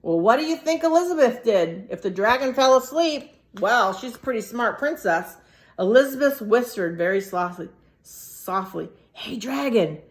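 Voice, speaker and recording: A teacher reading a picture book aloud to young children, animated and stopping to ask them questions. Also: female voice, fairly high pitch, moderate pace. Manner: animated, asks the listeners questions.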